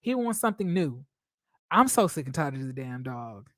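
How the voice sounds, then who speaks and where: A man hosting a casual live stream from home, telling stories in a dramatic, expressive way, swearing freely and laughing often. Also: mid-range voice, normal speed, no echo, clean studio sound.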